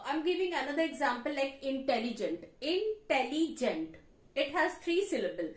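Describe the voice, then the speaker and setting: A woman English teacher with an Indian English accent, explaining grammar slowly at a board and repeating her examples. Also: high-pitched, echoey room. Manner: explains slowly, repeats examples, frequent "you know" and "okay". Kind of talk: classroom grammar lesson. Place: classroom with a board.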